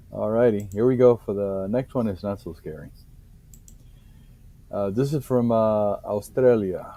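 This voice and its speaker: A man talks as a guest on a podcast and reads out encounter case reports. His voice sits somewhat low and has a warm, mellow tone. He stops and restarts often, with plenty of fillers. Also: no room sound. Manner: halting, with frequent fillers and restarts.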